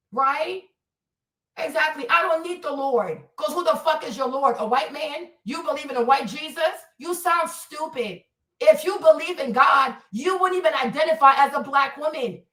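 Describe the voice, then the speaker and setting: A woman's voice: sits high, pushed and bright, echoey room, far from the mic. A woman streamer ranting at a clip in a profane, confrontational way and repeating her insults. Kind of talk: livestream rant.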